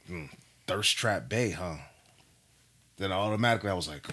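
A husky-voiced man tells a story in casual chat. His tone is bright and forceful, his speech animated, slangy and profane, and his pitch sits low. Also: normal speed, pauses often.

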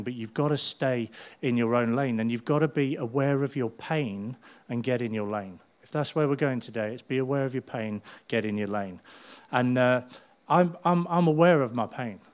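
A middle-aged man, preaching a sermon as a pastor in a lively storytelling manner. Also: mid-range voice, moderate pace, hardly any pauses. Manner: animated storytelling, acting out people's voices.

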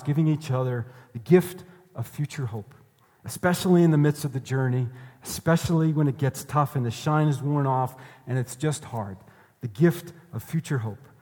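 A man's voice: medium pitch, dark tone. A male pastor preaching a sermon earnestly, repeating his key phrases for emphasis. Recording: reverberant hall.

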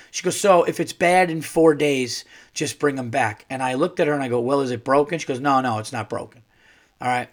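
A man hosting a podcast who tells a story in a casual monologue, ranting and swearing as he gets fired up. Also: fairly high pitch. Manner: profane, animated ranting. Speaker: podcast host.

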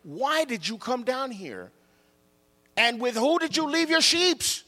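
A man voicing an angry, scornful older brother who accuses his younger sibling in slow, emphatic words. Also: sits high, sing-song, fairly bright tone, in a large hall, heavily acted.

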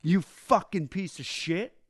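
A man acting out a drunk, belligerent aging male rock singer who shouts and boasts in a slur. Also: high-pitched, takes it slowly, husky, no echo, studio quality, pitched above the performer's own voice, heavily acted. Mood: drunk, furious.

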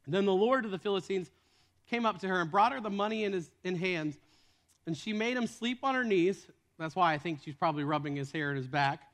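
A man's voice: high voice, a little fast, fairly bright tone. A man preaching a sermon as a retold story, casual in tone with joking asides.

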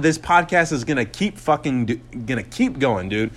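A man's voice: mid-range voice, lively intonation, moderate pace, a bit bright. A man in his twenties hosting his own podcast, talking in a profane, sarcastic, rambling rant full of fillers and restarts. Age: 20s. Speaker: podcast host and comedian.

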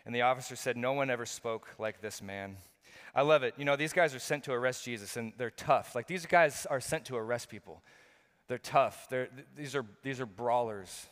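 A middle-aged man preaches in a church hall, and his mid-pitched voice rings out with a long reverb. He talks earnestly and with emphasis, often restarting his phrases. His delivery swings from loud bursts down to quiet, low stretches. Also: fairly quick. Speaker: pastor. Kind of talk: sermon.

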